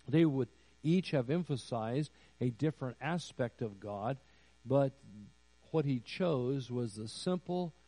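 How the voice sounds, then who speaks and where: A pastor preaching a sermon slowly and deliberately, building to emphatic raised phrases. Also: male voice, medium pitch, warm tone, dry recording, rough recording. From United States. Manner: slow, deliberate preaching with rising emphatic peaks.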